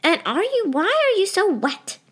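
A worried, stern mother in an audiobook, as a woman reader puts her on. She demands answers in a rapid string of questions, her voice sitting fairly high. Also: expressive, a bit bright.

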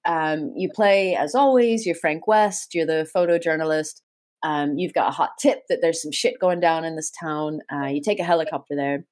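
Lowish woman gushing over games on a video call. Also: moderate pace. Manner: enthusiastic, swears freely, animated. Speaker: podcast co-host. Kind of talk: casual chat.

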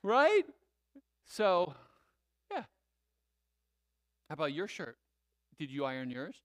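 A man giving casual church announcements with a relaxed, chatty manner. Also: a little high, takes it slowly, no echo. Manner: relaxed, chatty, laughs easily, trails off.

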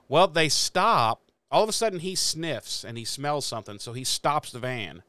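A man's voice: fairly high pitch, moderate pace, hardly any pauses, clean tone, no echo. A man from the Midwest co-hosting a podcast, recapping a TV episode in casual chat and acting out the characters' lines with plenty of swearing. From American Midwest. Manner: animated retelling with profanity and acted-out quotes. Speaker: podcast co-host.

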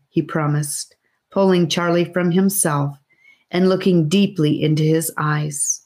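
A woman narrating a children's fantasy audiobook in a steady, careful reading voice. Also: lowish voice, slow. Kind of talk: scripted narration.

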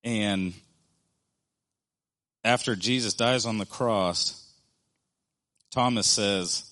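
A man's voice: lowish voice, fairly bright tone. Earnest man preaching a sermon. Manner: earnest, conversational, with slow emphatic pauses.

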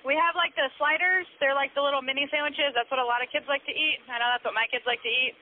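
A woman's voice: high voice, fairly even intonation, fast. A woman working at a restaurant, taking an order over the phone in a patient, friendly, casual way. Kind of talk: phone call. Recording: tinny phone line with faint noise.

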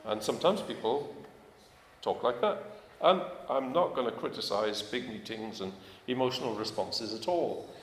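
A man's voice: mid-range voice, expressive, normal speed. Man preaching in an echoey hall. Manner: conversational, questioning the congregation, emphatic. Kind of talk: sermon. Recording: echoey hall, faint ambience.

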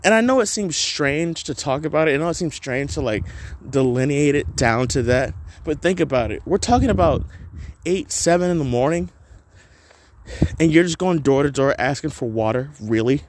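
A man hosting his own podcast, talking straight to listeners in a voice that sits a touch higher than most men's. He rambles, swears casually and leans on filler words as the story unfolds. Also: expressive, moderate pace, slight background noise. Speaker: podcast host.

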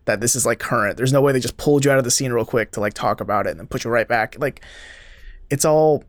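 A man's voice: mid-range voice, fast, no room sound. A man in casual podcast chat, talking bluntly and swearing offhandedly.

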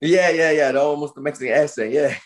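A man's voice: fairly high pitch, fast talker. A man who is a boxer, telling stories in a casual podcast interview, rowdy and profane with lots of slang. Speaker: boxer guest.

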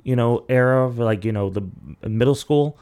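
A young man with a medium-pitched, slightly mellow, clear and resonant voice hosts a podcast at normal speed. In casual chat he tells long, rambling, profane stories packed with "like" and "you know."

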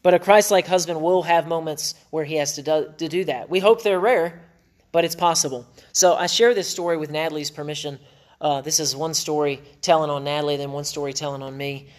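A man's voice: a little high, fairly even intonation, a little fast. A middle-aged man hosting a marriage podcast, teaching in an emphatic, preacher-like way and repeating phrases for stress.

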